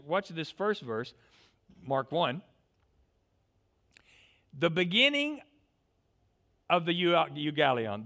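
Guy preaching, pitch jumps all over, stammers and restarts a lot. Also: fairly bright tone. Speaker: pastor. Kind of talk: sermon.

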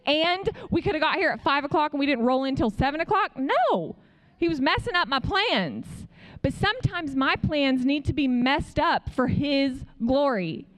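High-voiced woman telling a testimony. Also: moderate pace. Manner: animated storytelling, acting out the other people's lines; frequent "like" fillers. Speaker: speaker sharing a testimony. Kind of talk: conversational preaching.

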